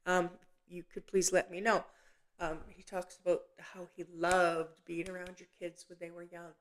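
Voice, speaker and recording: A woman hosting a live psychic medium session, talking gently and haltingly with many pauses and restarts. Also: lowish voice, little pitch movement. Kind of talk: live online reading.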